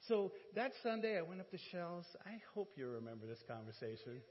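High-voiced pastor telling a lively story. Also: male voice, brisk, slight background noise. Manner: animated, acts out dialogue with humor. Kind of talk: sermon storytelling. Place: church sanctuary. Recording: dull, reverberant church audio.

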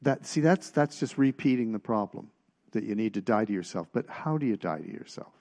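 A man preaching in a relaxed, conversational way, his voice gravelly with fry. He leans on emphasis and keeps asking the listeners questions. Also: on the low side, a little fast. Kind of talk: sermon.

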